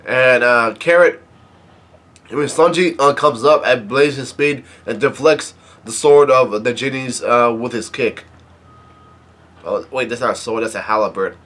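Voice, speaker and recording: A man casually reading a comic chapter aloud, halting and often correcting himself. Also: mid-range voice, a bit bright. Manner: halting, with many restarts and self-corrections. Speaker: manga reader and video host.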